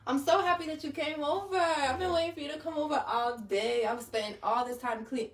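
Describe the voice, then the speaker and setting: Chatty, high-voiced woman. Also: a little fast. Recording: echoey room, distant mic.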